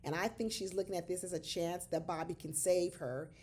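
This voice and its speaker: A woman giving casual, animated commentary on a reality show, exclaiming and talking straight to her viewers as y'all. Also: lowish voice, fairly quick.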